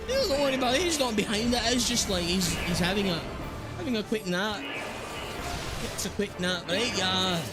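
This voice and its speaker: A man from the Philippines streaming a game live, chatting casually with his viewers and excitedly reading game text aloud. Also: sits high, normal speed. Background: game music.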